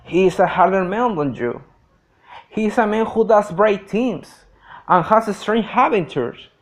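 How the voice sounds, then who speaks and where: A woman's voice: mid-range voice, lively intonation, unhurried, lightly acted. A man voicing a proud young woman who dreams of marrying a brave, famous man, in an audiobook reading. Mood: dreamy firm.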